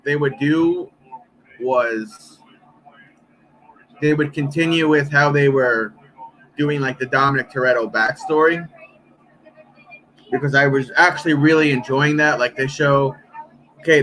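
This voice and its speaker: A man in his thirties, chatting casually on a live stream, telling a story with lots of swearing and quick impressions of other people. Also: a little high, slight background noise, poor audio. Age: 30s. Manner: profane, animated storytelling, mimics others.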